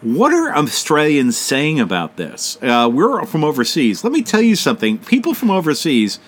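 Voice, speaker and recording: A man's voice: a little high, wildly swooping pitch, normal speed. A man co-hosting a casual talk show, rambling and swearing, often laughing. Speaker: co-host. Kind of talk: casual radio chat.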